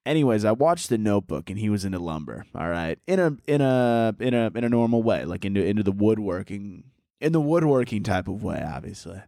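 A man's voice: lowish voice, sing-song, a little fast, creaky, warm tone, dry recording. Man rambling on a comedy podcast, dry mic. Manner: goofy, crude, breaks into laughter, mock-dramatic narration.

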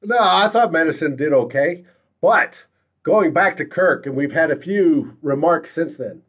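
A man co-hosting a casual sports chat who reads out listener comments, easygoing and quick to laugh. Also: fairly high pitch, lively intonation, breathy edge. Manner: laughs often, slow and easygoing. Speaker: podcast co-host reading listener comments. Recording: dull lo-fi audio.

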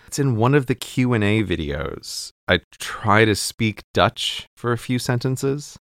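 An American man chatting casually on a podcast, animated and laughing often. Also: lowish voice, unhurried, hardly any pauses, no room sound, studio quality. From United States.

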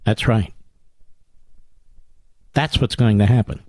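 A man's voice: fairly low pitch, takes it slowly, darkish tone, no room sound. Male radio host, indignant, emphatic, dry close studio sound. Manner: indignant, emphatic, repeats lines for effect. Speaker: radio talk show host. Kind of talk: talk radio monologue and calls.

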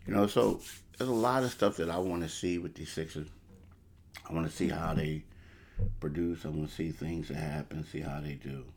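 A man's voice: a bass voice, normal speed, gravelly, darkish tone, a little hiss or hum. A man hosting a casual sports talk show, rambling and repeating himself as he talks through the standings. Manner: rambling, repeats "you know" and "crazy". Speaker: sports podcast host.

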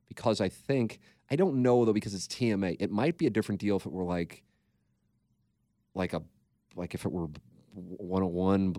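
A man with a deep, slightly mellow voice co-hosts a podcast, recorded at studio quality with no room sound. His casual chat is rambling and candid, and he swears freely.

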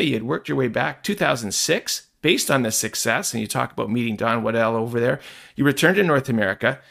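Gravelly-voiced male interview host. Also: mid-range voice, a bit bright. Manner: recaps the guest's career in a scripted way. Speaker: podcast host. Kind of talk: interview questions.

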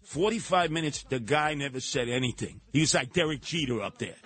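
Talking fairly quickly in a medium-pitched voice, a talk radio host runs through an opinionated monologue. He's animated and mocking, imitating the voices of the people he ridicules.

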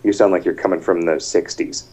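A man's voice: low-pitched, fairly even intonation, a little fast, darkish tone. A man hosting a podcast, chatting casually, rambling and restarting his sentences as he reads out listener messages. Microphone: computer mic over an online call.

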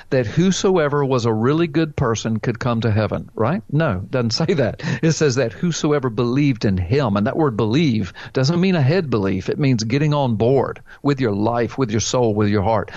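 A man's voice: medium pitch, expressive, normal speed, hardly any pauses, a little mellow, no echo, highs cut off. A man hosting a call-in show as a pastor, preaching emphatically, quoting scripture and asking rhetorical questions. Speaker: pastor answering a caller.

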